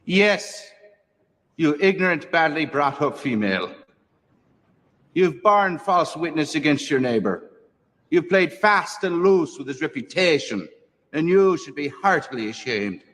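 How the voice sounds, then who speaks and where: A man's voice: fairly high pitch, lively intonation, unhurried, a bit bright, in a large hall, pitched above the performer's own voice. A man voicing a stern old male parish priest who scolds and lectures harshly. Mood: scolding. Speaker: priest in a told story.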